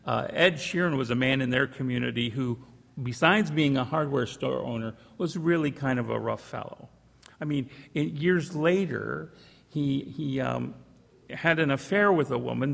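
A male pastor tells a folksy anecdote in a sermon, his voice gravelly and husky. His pitch sits somewhat high for a man. The sound carries a long church reverb. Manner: folksy anecdotal storytelling with restarts. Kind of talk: sermon storytelling.

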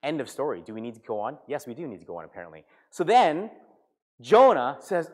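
A man, a pastor, preaching a sermon with animated storytelling and acted-out voices. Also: medium pitch, brisk. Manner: animated storytelling, acting out characters.

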